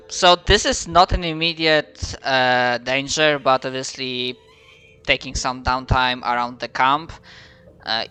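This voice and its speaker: A man running a tabletop game as game master, narrating slowly with many pauses and fillers. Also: medium pitch, sharp tone, smooth.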